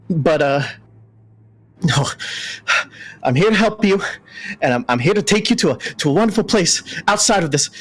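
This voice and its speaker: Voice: medium pitch, close to an everyday voice. A player voicing a lanky, nerdy male owl-folk who stammers, apologizes and speaks in a folksy drawl with y'all. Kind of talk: voicing a character in a tabletop game.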